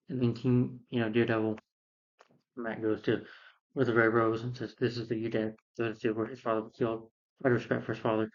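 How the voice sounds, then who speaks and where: A man's voice: medium pitch, little pitch movement, fairly quick. A man giving a casual spoken film review, retelling the plot in a rambling, repetitive way. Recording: dull, muffled lo-fi sound.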